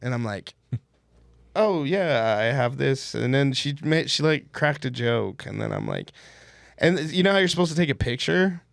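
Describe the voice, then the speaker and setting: A man's voice: medium pitch, expressive, moderate pace, creaky, fairly bright tone, dry recording, clean studio sound. Rambling, swearing man telling a story. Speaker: podcast co-host. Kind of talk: casual comedy podcast chat. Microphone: podcast studio microphone.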